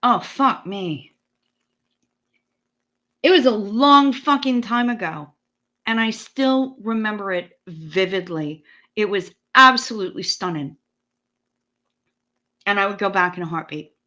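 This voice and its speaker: Slow, bright-voiced woman streamer swearing freely. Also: mid-range voice. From United States. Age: 40s. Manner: profane, rambling, talks back to chat. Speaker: livestream host. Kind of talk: casual livestream chat. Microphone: streaming setup.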